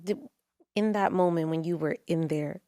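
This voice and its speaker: A woman hosting a podcast, asking attentive, soft-spoken questions of her guest. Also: fairly low pitch, normal speed, clean tone, dry recording, clean studio sound. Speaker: podcast host. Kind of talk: interview questions and backchannel.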